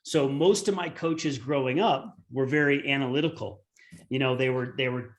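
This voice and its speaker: A man's voice: mid-range voice, a bit bright. Man in his forties telling a rambling story. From United States. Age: 40s. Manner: earnest, rambling storyteller with many fillers. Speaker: tennis coach and former pro. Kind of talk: webinar storytelling.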